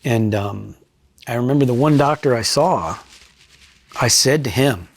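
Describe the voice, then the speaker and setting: Middle-aged man, retired trooper, husky voice, fry, blunt, profane, reflective interview talk. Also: medium pitch, unhurried. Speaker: retired state trooper and crime scene investigator. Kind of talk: candid sit-down interview storytelling.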